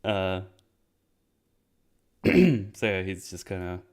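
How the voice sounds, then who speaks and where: Low, smooth-voiced man chatting about a movie. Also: animated, a little mellow. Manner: laughs often, acts out scenes in quick silly voices. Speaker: podcast host. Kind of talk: casual movie-review chat.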